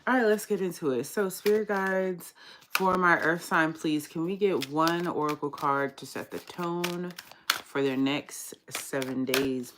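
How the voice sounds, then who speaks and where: A woman from the United States doing a casual livestream card reading, chatty and low-key, in what she calls her monotone morning voice. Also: noisy background. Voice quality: gravelly morning voice. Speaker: tarot card reader.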